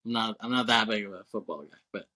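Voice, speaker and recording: A man's voice: lowish voice, fast, bright, forceful tone, poor audio. A male podcast co-host recapping a movie in loose, casual chat, full of fillers, swearing and chuckles.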